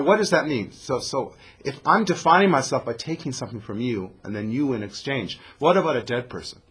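Lively guy teaching scripture, reads hebrew then explains it, bright kinda husky voice. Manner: animated, reads Hebrew verses then translates, acts out the speakers with rising pitch. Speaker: Torah teacher. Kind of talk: Bible class lecture.

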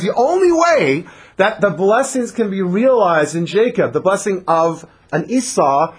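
A man giving an animated Torah lecture, dramatic and acting out the characters' voices. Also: high-pitched, husky. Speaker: Torah teacher.

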